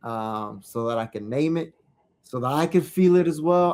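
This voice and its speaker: A man's voice: a little high, expressive, moderate pace, a little mellow. A man, a parent, co-hosting a podcast in casual conversation, talking thoughtfully and often restarting his sentences. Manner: thoughtful, searching, with frequent restarts. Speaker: podcast co-host.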